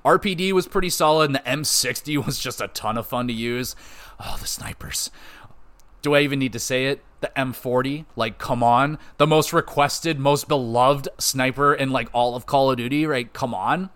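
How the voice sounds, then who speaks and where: A man's voice: mid-range voice, normal speed, few pauses, a bit bright. A man hosting a podcast, chatting casually and enthusiastically about an old video game, swearing freely and rambling. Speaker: podcast host. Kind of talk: casual gaming podcast chat.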